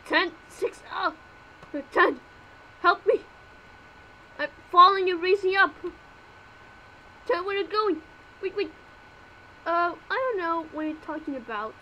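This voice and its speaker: A woman's voice: very high-pitched, animated, unhurried, pauses often, dull audio, a little hiss or hum. A woman voicing all the characters of a homemade fan cartoon, with frantic yelps and exclamations.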